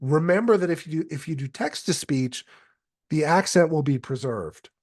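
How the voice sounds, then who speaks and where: A man's voice: on the high side, normal speed, dry recording. Man giving a dry, close tutorial. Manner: explanatory, steady, with occasional fillers. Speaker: presenter. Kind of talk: software tutorial walkthrough.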